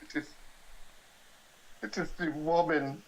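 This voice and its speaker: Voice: mid-range voice, takes it slowly, creaky, low-quality recording. A performer voicing an elderly grieving mother with a French accent, living in a mental home, who pleads and repeats herself in a horror tabletop game. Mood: haunted. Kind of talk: horror tabletop role-play.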